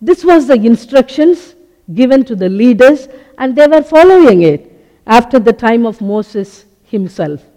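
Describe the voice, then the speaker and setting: Man, sermon, very high-pitched, unhurried phrasing, reverberant hall. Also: big pitch swings, warm tone. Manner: slow, deliberate teaching with many short pauses. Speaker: preacher.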